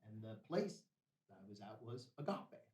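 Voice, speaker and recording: A man's voice: lowish voice, very animated, moderate pace, a little mellow, far from the mic. Laid-back man telling a story in a roomy space. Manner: laid-back, peppers speech with "man" and "bro". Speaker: podcast guest. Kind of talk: casual storytelling. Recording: roomy echo.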